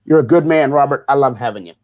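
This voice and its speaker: A man's voice: medium pitch, quick pace, a little mellow, dull audio, a little hiss or hum. Teasing middle-aged male co-host. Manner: teasing, rambling, big-brotherly. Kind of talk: casual chat.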